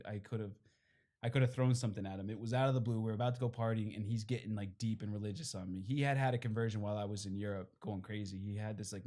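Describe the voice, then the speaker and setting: A man's voice: lowish voice, warm tone. A young man, a priest, telling his own story in a rambling, candid way full of fillers and short laughs. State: briefly tearful. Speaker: priest giving his testimony. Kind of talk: personal testimony at a fireside talk.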